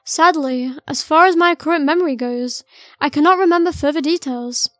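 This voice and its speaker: A woman reading as a calm otherworldly male being. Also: high voice, normal speed, no room sound, faint music behind. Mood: wistful. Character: calm mysterious male entity remembering past lives.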